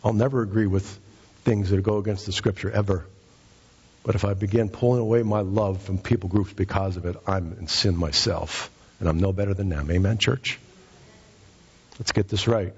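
A middle-aged man preaching a fervent sermon, his voice climbing to high, emphatic peaks. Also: fairly even intonation, moderate pace, breathy edge, highs cut off. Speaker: pastor.

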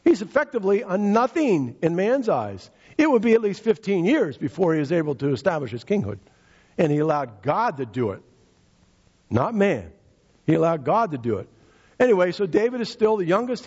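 A male preacher with a high, husky voice that rises and falls animatedly as he drives his points home. He retells scripture in everyday words and says key lines twice. The recording is dull and lo-fi. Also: big pitch swings, normal speed, a little mellow. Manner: emphatic, repeats key phrases, paraphrases scripture in casual speech. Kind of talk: sermon.

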